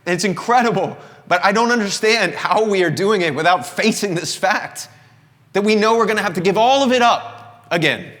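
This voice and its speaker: Speaking to an audience inside a company showroom, this Southern US singer-songwriter in his thirties offers a sincere, reflective confession. He has a high-pitched, slightly bright voice with lively intonation at a moderate pace, and the room adds a long live reverb.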